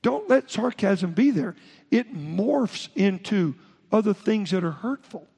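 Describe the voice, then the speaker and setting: A man's voice: high voice, animated, slow pace, creaky, darkish tone, husky. A man preaching a sermon as pastor, speaking in short emphatic phrases and often restarting mid-sentence. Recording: long hall reverb.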